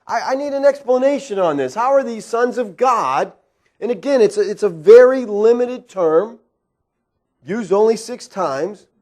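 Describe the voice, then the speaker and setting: In a church sanctuary, a pastor with a high, slightly mellow voice works through an expository sermon. His style is conversational and packed with rhetorical questions, punctuated by frequent "all right?" check-ins.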